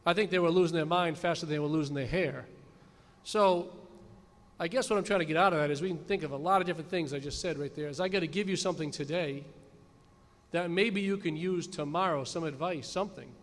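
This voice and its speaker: A man in his fifties, a high school principal, telling a folksy story in a graduation speech from a podium. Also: fast talker. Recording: long hall reverb at a ceremony.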